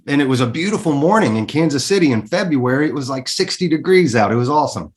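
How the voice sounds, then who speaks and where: A man's voice: on the high side, animated, quick pace. A man, a guest in a casual interview, telling his story candidly and emphatically, swearing freely and repeating words when he gets worked up.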